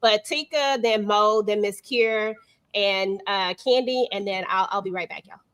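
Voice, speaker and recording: A woman's voice: medium pitch, measured pace, clean tone. A woman hosting a live panel over a video call, chatting casually and expressively about a TV episode in slangy speech. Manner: slangy, expressive, keeps it real. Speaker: panel host.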